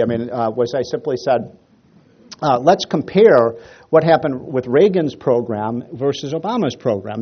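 A man's voice: medium pitch, highs cut off. A man giving a speech to an audience, telling a funny story with many fillers and restarts. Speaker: speaker. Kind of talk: after-dinner speech.

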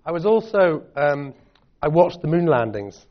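A middle-aged Scottish man, a guest speaker at a public talk and Q&A, answers audience questions in a chatty, self-deprecating way. His fairly high voice is very animated yet measured in pace, captured in dull lo-fi audio.

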